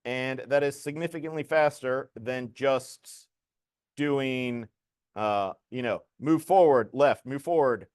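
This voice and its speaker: A man's voice: mid-range voice, slow, a little mellow, smooth, no room sound, clean studio sound. A man teaching a programming lesson to a class, explaining code casually as he demonstrates it.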